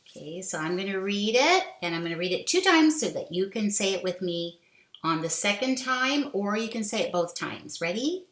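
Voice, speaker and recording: A woman teaching a kindergarten reading lesson, reading a simple book aloud slowly and deliberately for young children to follow. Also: mid-range voice, big pitch swings, a bit bright, echoey room.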